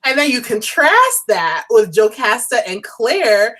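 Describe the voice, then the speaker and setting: A woman's voice: on the high side, big pitch swings, unhurried, fairly bright tone. A woman co-hosting a TV review podcast in casual chat, thinking aloud with restarts and light laughs. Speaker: podcast co-host reviewing a TV episode.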